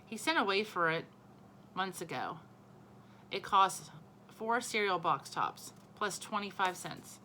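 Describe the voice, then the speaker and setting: A woman teacher reading a children's novel aloud to her class in an expressive storytelling manner. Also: medium pitch, slow pace, slight background noise, low-quality recording.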